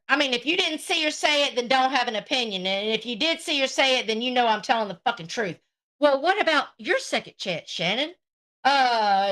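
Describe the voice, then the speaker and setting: Hosting a livestream, a woman with a fairly bright voice on the high side talks at a moderate pace, her pitch swinging widely. She says hello to her chat and rants at a rival, sarcastic, profane and combative.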